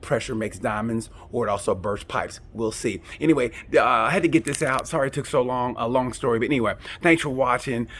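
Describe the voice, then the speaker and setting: A man's voice: mid-range voice, a little fast, hardly any pauses, fairly bright tone, slight background noise. A man hosting a casual, comedic race review, rambling and joking with frequent restarts. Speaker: motorsport review host.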